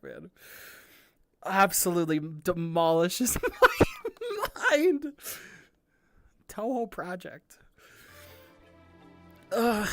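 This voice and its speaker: Female livestream host, casual chat, excitable and rambling with frequent swearing, mid pitch, light music under her. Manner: rambling and excitable, swears a lot and laughs often. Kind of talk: casual livestream chat answering viewer questions.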